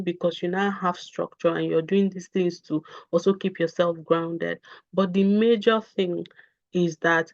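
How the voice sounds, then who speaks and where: A woman's voice: lowish voice, dry recording, muffled recording. A woman giving a parenting talk on a video call, earnest and repetitive, with many fillers. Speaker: parenting coach. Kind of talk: live online talk with Q&A.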